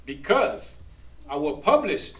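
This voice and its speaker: A man reads scripture in a slow, solemn way, his fairly high voice rising and falling widely from phrase to phrase. He is heard from across an echoey room. A faint noise sits behind him. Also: sing-song, far from the mic. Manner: slow, deliberate, solemn reading. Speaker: scripture reader. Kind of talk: reading scripture aloud.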